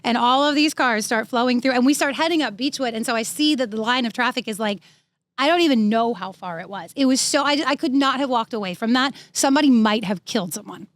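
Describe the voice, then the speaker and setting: A woman co-hosts a podcast and tells a casual story with animated energy, acting out the people in it. Her voice sits a touch high. The sound is dry and close, with no room echo. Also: quick pace. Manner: animated, acts out quoted people. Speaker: podcast co-host.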